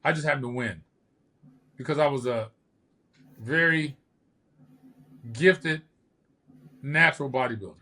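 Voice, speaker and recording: A man's voice: medium pitch, measured pace, pauses often. An older man, a podcast host and former bodybuilder, telling stories casually and acting out the quotes. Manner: lively storyteller who acts out quotes. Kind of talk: casual storytelling.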